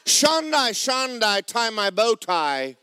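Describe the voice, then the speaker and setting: A man preaching a sermon, joking with the congregation and breaking into loud shouts. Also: sits high, very animated, slow, clear, resonant tone, dry recording. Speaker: pastor.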